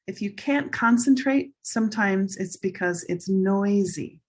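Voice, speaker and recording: A woman teacher slowly and carefully drilling English pronunciation in a recorded lesson. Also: mid-range voice, vocal fry. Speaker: ESL teacher.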